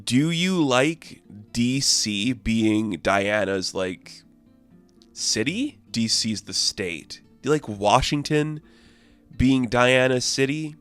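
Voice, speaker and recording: A man's voice: medium pitch, lively intonation, slow pace, fairly bright tone, clear, resonant tone, soft background music. A man giving a casual, rambling comic book review, full of fillers and amused asides.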